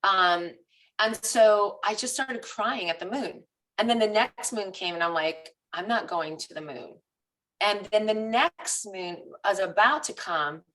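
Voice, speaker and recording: A woman fitness coach in a casual live group coaching chat, telling personal stories in an animated, confessional way. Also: mid-range voice, measured pace, distant mic, poor audio.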